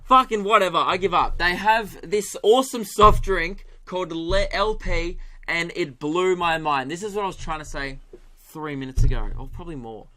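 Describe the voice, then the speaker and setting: A young Australian man hosting a solo comedy podcast, animated, swearing and laughing as he tells stories. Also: high-pitched, normal speed. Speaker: podcast host.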